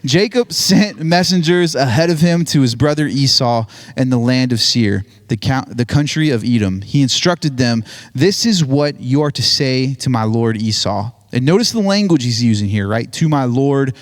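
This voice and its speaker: A man's voice: medium pitch, animated, moderate pace. A man giving a casual, joking sermon, retelling a Bible story with lots of "like" and "right?". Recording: hall reverb on voice.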